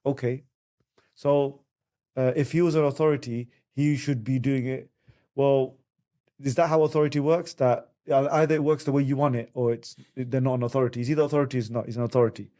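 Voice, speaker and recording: A man talking on a podcast as a family counsellor, animatedly acting out quotes in higher voices. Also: steady tone, fairly quick, mellow. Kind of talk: podcast conversation.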